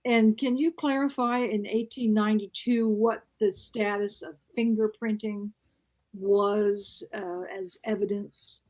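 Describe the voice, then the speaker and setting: Woman co-host, measured questions. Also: mid-range voice, fairly even intonation, darkish tone. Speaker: podcast co-host. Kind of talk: casual conversation.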